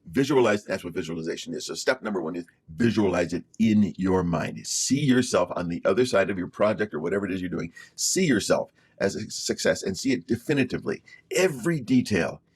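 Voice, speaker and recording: A man's voice: low-pitched, breathy edge. A man giving an emphatic motivational video talk, repeating his key phrases for emphasis. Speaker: motivational speaker.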